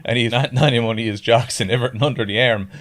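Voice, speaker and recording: A man's voice: mid-range voice, quick pace, a bit bright. An Irish man telling a rambling story in casual chat, swearing often and laughing along as he goes. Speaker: podcast guest.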